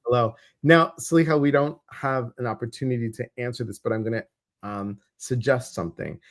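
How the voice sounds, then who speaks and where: A man's voice: medium pitch, brisk. A middle-aged man co-hosting a casual weekly livestream, telling stories animatedly and acting out his own reactions. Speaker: co-host of a weekly intuitive live show.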